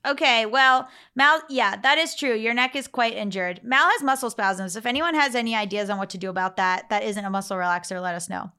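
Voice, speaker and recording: A woman hosting a podcast, chatting casually and reading a listener email aloud, playful and quick to laugh. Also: a little high, pushed and bright, smooth. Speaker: podcast host.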